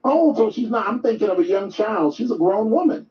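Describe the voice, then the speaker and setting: A man's voice: high voice, lively intonation, brisk. A male host of a live call-in show, speaking in an earnest, reflective way to his callers. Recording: roomy distant dull mic.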